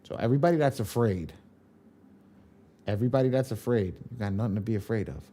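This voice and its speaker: A man's voice: on the low side, quick pace, warm tone. A man leading a live online training class on credit repair, emphatic, repeating his points and swearing casually.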